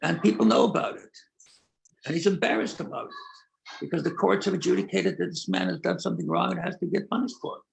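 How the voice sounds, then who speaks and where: An older man, a rabbi, speaking in an earnest, measured way and slowing down to stress key points as he tells stories. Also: high voice, vocal fry, a little hiss or hum, rough recording. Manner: earnest, measured, with deliberate slowed emphasis. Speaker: rabbi and prison-outreach leader. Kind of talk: conversational talk, storytelling.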